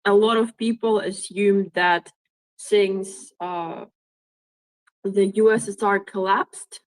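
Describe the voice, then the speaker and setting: A woman from Ukraine speaking thoughtfully in an online audio discussion, often pausing to search for words. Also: mid-range voice, steady tone, poor audio. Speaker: Twitter Space speaker. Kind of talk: spontaneous discussion. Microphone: online audio room.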